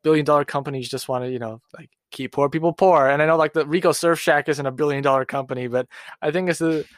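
A man with a slightly high voice rambles on a podcast, stumbling over restarts. His voice sounds dry and close, with no room echo. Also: fairly even intonation. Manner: rambling, halting, many restarts and fillers. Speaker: podcast co-host. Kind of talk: casual podcast chat.

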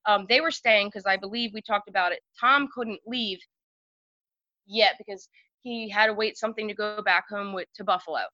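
A woman's voice: medium pitch, steady tone, moderate pace, bright, forceful tone, dry recording. A woman telling stories as a podcast guest, chatty and full of fillers. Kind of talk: casual storytelling. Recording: dry, slightly dull lo-fi sound.

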